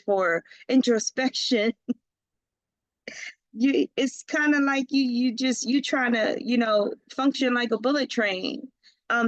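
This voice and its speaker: A woman's voice: a little high, dry recording, poor audio. A woman giving a casual tarot reading, chatty and slangy, laughing often and talking straight to the viewer. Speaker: tarot reader.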